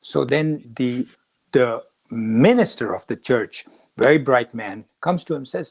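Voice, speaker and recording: A man hosting a talk on the Gita, telling a story and acting out the quoted lines with lively shifts of voice. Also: mid-range voice, measured pace, gravelly, slightly rough. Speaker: podcast host teaching the Gita.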